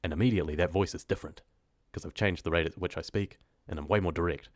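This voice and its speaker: Deep-voiced New man chatting. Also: quick pace, no room sound, studio quality. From New Zealand. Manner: relaxed, rambling, laughs easily. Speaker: horror story narrator and streamer. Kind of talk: casual live-stream chat with viewers.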